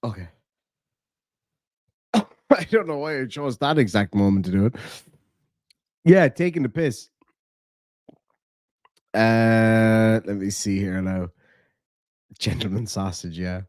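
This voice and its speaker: A man's voice: lowish voice, slow pace, long pauses, darkish tone, dry recording, clean studio sound. Sweary Irish man chatting on a stream. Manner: rambling, swears a lot, reads chat aloud. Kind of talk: casual live-stream chat.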